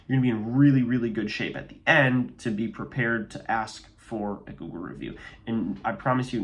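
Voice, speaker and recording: A man who runs a landscaping business, giving casual, upbeat advice in a walk-and-talk vlog and often checking in with "okay?". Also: mid-range voice.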